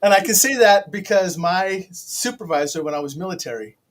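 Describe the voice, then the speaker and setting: A man's voice: sits high, animated, moderate pace. A man hosting an interview show, rambling and teasing in a casual chat with his guest. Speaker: host.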